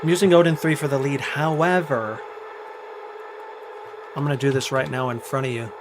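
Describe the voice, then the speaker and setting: A man's voice: medium pitch, steady tone, normal speed, noisy background. A young man chatting casually while producing music on a livestream, thinking aloud as he works. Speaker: music producer streaming a live session.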